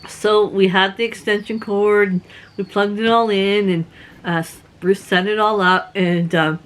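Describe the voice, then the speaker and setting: A woman from Canada casually telling personal stories as a vlogger, chatty and quick to laugh. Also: fairly even intonation. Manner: chatty, laughs often, acts out quotes in a higher voice. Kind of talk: casual storytelling.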